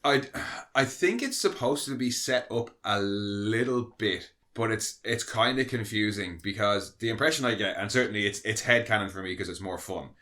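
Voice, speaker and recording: Man, podcast co-host, casual film chat, low pitch, bright tone, enthusiastic. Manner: enthusiastic, laughs often, quick interjections.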